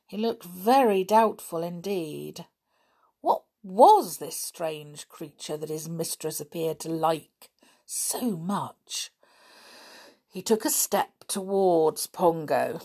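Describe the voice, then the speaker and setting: A woman reading a children's book aloud in a lively way, giving the characters voices. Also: fairly low pitch, slow pace. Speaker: storybook reader.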